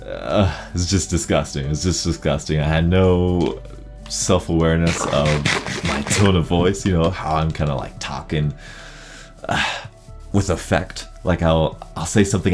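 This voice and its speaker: Man, low voice, casual gameplay commentary, excitable, rambling, soft background music. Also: normal speed. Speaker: gaming channel host.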